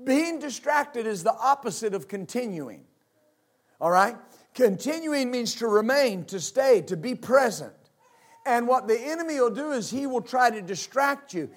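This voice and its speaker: A male pastor delivers a sermon to his congregation in a high-pitched voice. He stops and restarts often, fills gaps with "uh" and "amen," and keeps asking the room if they're with him. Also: expressive. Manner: halting restarts with frequent amens and uh; asks the congregation for responses. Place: church service with congregation.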